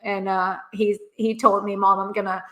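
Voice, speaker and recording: Woman in her forties, rambling live-stream rant, halting restarts, candid, laughs a lot, home echo. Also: mid-range voice, level tone, sharp tone. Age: 40s. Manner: earnest and candid, laughs often. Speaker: livestream host.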